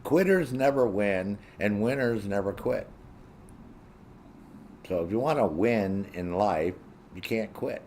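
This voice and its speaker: A man hosting his own show launches into a blunt, profane rant, mimicking other people in a raised voice. His lowish voice is animated and a little mellow, moving at a slow pace with frequent pauses, over slight background noise.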